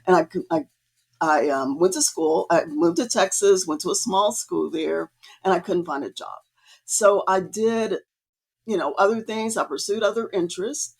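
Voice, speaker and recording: Chatty woman artist with a gravelly edge. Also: normal speed. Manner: chatty, acts out quoted dialogue with rising pitch. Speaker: guest artist. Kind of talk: casual interview storytelling.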